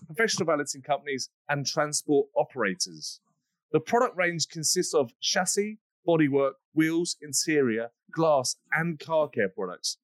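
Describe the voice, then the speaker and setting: A man's voice: on the high side, no echo, rough recording. A man hosting a podcast in an upbeat, jokey, rambling way. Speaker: podcast host. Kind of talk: casual podcast chat.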